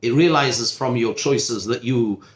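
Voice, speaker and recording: Man as rabbi teacher, chatty lecture style, middle-pitched voice, roomy echoey classroom. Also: unhurried. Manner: conversational, self-interrupting, asides and rhetorical questions. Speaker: rabbi teaching a study group. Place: seminar classroom.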